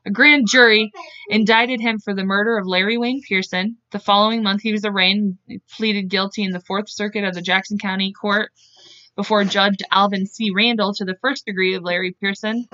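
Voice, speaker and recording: A woman's voice: mid-range voice, steady tone, brisk, sharp tone, dry recording. A woman co-hosting a podcast, narrating a true-crime case casually from her notes, stumbling over words and laughing at herself. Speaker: podcast co-host. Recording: dull lo-fi dry sound.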